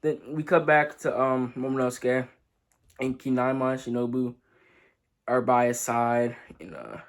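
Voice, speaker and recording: A young man reviews a manga chapter in easy, slangy chat. He sounds a bit sleepy, yet gets excitable and sometimes breaks into loud outcries. His pitch sits in a middle range for a man. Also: measured pace. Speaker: anime reviewer.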